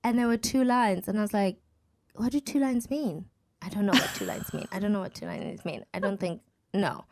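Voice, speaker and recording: A woman's voice: mid-range voice, a little fast. A woman in her thirties, a podcast guest, telling a story in casual chat and acting out what other people said. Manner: animated, acts out quoted people.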